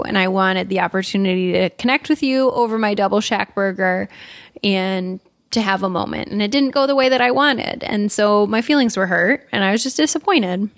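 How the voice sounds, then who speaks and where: A woman's voice: medium pitch, no echo, studio quality. A woman co-hosting a casual couples podcast, talking openly and reflectively about her feelings. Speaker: podcast co-host.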